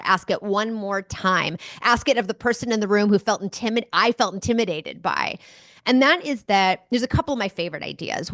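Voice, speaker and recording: An enthusiastic woman tells stories as a guest in a conversational interview. Her voice sits at a middle pitch and sounds dry, with little room around it. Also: dry recording. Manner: enthusiastic, animated storyteller. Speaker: guest speaker.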